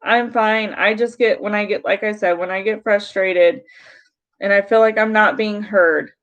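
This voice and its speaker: Talking to her chat on a livestream, this YouTuber is frustrated and stuffed up from crying as she goes over what happened. Her mid-range voice is fairly bright, with fairly even intonation and a moderate pace, and the audio sounds dull.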